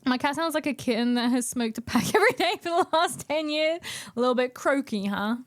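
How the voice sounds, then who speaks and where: High-pitched girl streaming from home, giggly, chatty, coos at her cat. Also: lively intonation, a little fast. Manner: chatty, giggly, greets chat by name, coos baby talk to her cat. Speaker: live streamer. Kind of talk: casual chat with stream viewers.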